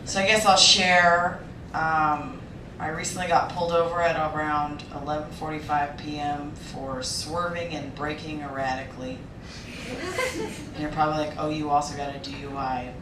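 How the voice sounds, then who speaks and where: A woman from Los Angeles doing a stand-up set with a dry, deadpan delivery. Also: sits low, moderate pace, recorded from a distance. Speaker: stand-up comedian. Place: comedy club stage. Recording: echoey room from afar with crowd and noise.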